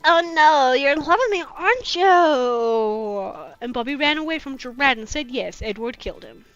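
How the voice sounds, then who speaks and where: A woman's voice: high voice, expressive, moderate pace, dry recording. A woman host reading fanfiction aloud with sarcastic, profane commentary and mocking asides. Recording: dull lo-fi with faint music.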